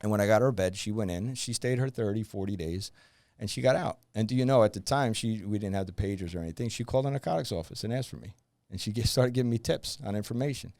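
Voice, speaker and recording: A man's voice: mid-range voice, fast, vocal fry, a little mellow, dry recording. A man, a former undercover officer, telling stories as a podcast guest and acting out the voices of people he quotes. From New Jersey. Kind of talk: storytelling in a podcast interview.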